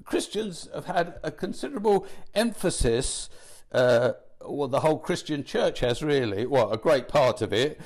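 Guy preaching a bible lesson, earnest, kinda high voice, stops to rephrase. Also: lively intonation, darkish tone. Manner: measured, earnest, pauses to restate. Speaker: Bible teacher. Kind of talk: teaching sermon.

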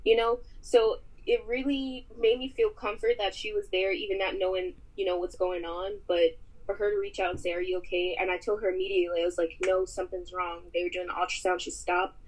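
A woman's voice: medium pitch, level tone, a little fast. A woman guest on a podcast, casually retelling a personal story over a phone call, rambling with lots of fillers.

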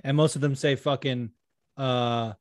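A man's voice: mid-range voice, fairly even intonation, a little slow, darkish tone, no room sound. Male podcast co-host, loose and swearing, laughs a lot; dry close sound. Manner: profane, giggly, acts out voices in stories. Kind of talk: casual stoned chat.

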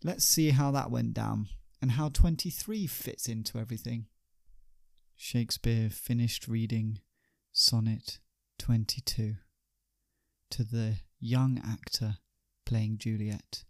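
A man's voice: mid-range voice, fairly even intonation, takes it slowly, creaky, no echo, studio quality. A man hosting a podcast, telling a comic story in a wry, chatty way with rhetorical asides.

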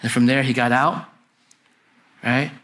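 A man's voice: mid-range voice, steady tone, unhurried, fairly bright tone. A young adult man preaching a sermon in a conversational storytelling way, often checking in with his listeners. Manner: conversational, often asks "right?" to the congregation. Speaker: pastor.

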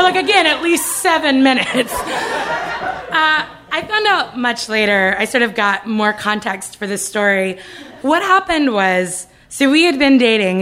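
A young woman telling a comic personal story live on stage, animated and given to loud ranting retellings. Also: fairly high pitch, slight background noise. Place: live stage before an audience. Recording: live show with a laughing crowd.

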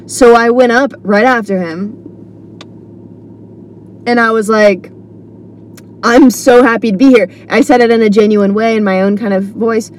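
A woman's voice: medium pitch, fairly even intonation, normal speed, long pauses, a little hiss or hum. A woman comedian talking solo on her podcast, telling a rambling story full of fillers and restarts. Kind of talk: casual solo monologue.

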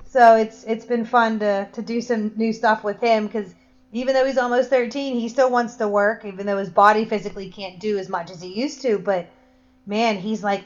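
Casting: chatty woman, mid-pitched, casual podcast talk, dull lo-fi recording. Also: fairly even intonation, normal speed. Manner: chatty, rambling with restarts. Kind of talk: casual chat. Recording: dull lo-fi sound.

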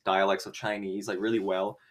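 A young man co-hosting a podcast, chatty and quick, often restarting. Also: sits low, little pitch movement. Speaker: podcast co-host. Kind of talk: casual chat.

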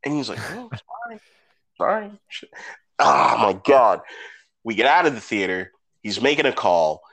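A man co-hosting a casual podcast chat, telling stories with swearing and jumping up high when he acts out what people said. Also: moderate pace, creaky. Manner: animated storyteller, acts out quoted people with big pitch jumps. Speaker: podcast co-host.

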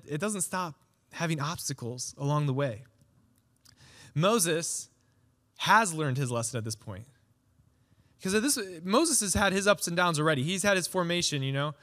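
A man's voice: on the high side, a bit bright. A pastor in his thirties giving a conversational sermon, acting out little quoted voices as he goes.

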